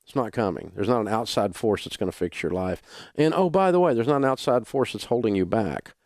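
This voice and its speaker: A man's voice: on the low side, very animated, fairly quick, a little mellow, dry recording, clean studio sound. An older man with a Southern US accent, a radio talk show host delivering a folksy, blunt, emphatic monologue. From Southern United States.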